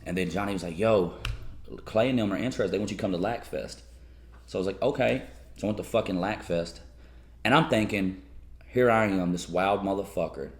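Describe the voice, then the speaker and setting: A man's voice: sits low, fairly quick. A man in his thirties from Kentucky, telling wild stories in a casual, profane interview, often laughing. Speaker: guest. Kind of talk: casual storytelling.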